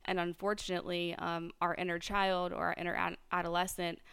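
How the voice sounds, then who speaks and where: Woman musing softly in a low, even voice. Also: brisk, clear, resonant tone, dry recording. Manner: reflective, many fillers and restarts. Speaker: podcast host. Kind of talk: solo podcast monologue.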